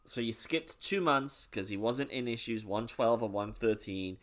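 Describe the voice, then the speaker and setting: A British man co-hosting a podcast, chatting about comics with animated, jokey asides. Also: medium pitch, a little slow. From Britain. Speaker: podcast co-host. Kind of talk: casual comic book discussion.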